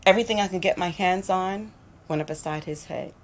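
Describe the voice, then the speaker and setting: A woman speaks as a guest on a gospel talk show, telling her story with force and repetition. Her voice sits a little low. A faint hiss runs under the recording. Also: brisk.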